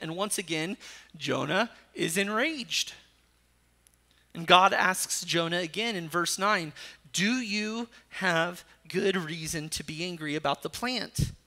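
A man preaches a sermon in a high-pitched, sharp voice, reading scripture aloud between his teaching points. This pastor's voice rises sharply when he voices Jonah's anger.

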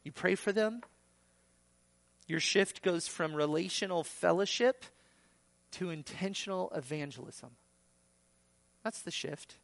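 A male pastor delivers a sermon at an unhurried pace. His voice has a gravelly edge, and the sound is dry and close. He acts out quoted voices and jumps sharply upward for emphasis. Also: high voice, dry recording.

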